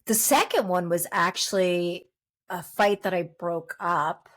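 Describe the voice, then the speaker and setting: Lively middle-aged woman telling stories. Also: fairly low pitch, unhurried. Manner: lively storyteller who acts out quoted voices. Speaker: dog trainer guest. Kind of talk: casual podcast interview.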